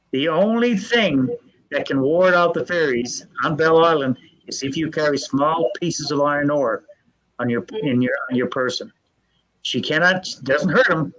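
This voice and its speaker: An older man, telling family ghost stories in a folksy, earnest way with halting restarts. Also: fairly high pitch, fairly bright tone. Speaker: storyteller guest. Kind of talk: casual storytelling. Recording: dull lo-fi sound.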